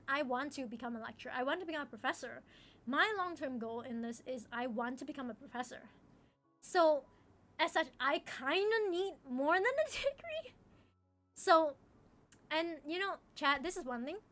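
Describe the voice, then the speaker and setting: A woman's voice: sits high, fairly bright tone, a little hiss or hum. A young woman streamer chatting casually with her viewers, talkative, often repeating phrases and laughing.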